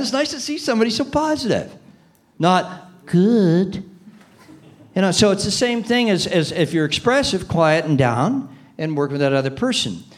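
An older man leads a sales training session with a voice that rises and falls a great deal and sits a little high for a man. He chuckles between points and acts out the people he quotes, switching into their voices. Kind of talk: training seminar talk.

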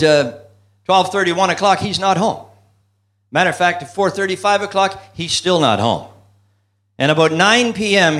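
A man's voice: on the high side, fairly bright tone. A man giving a motivational business seminar talk, telling jokes and asking the audience questions. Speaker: business speaker.

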